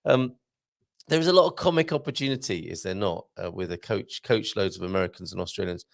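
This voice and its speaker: A man's voice: sits low, quick pace, creaky, dry recording, clean studio sound. A man hosting a live show in a casual, jokey way, reading out viewer comments and adding chatty asides. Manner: chatty, jokey, reads messages aloud with asides.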